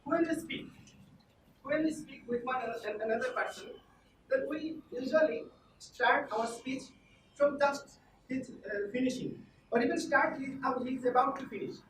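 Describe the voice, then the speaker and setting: Woman, classroom lecture, high voice, echoey room, far from the mic. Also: normal speed, noisy background. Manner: repeats points and quizzes the class.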